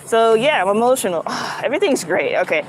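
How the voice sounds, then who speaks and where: A woman's voice: on the high side, a little fast. A young woman, talking casually and animatedly on a live stream while walking around outdoors. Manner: chatty, animated, spiritual talk, swings to loud excitement. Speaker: livestreamer. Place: outdoors in a city, walking with bags. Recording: outdoor street noise behind.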